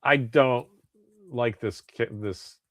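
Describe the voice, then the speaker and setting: A man's voice: medium pitch, slow, no echo, clean studio sound. A man co-hosting a podcast, chatting casually and rambling with restarts and swearing. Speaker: podcast co-host. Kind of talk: casual chat.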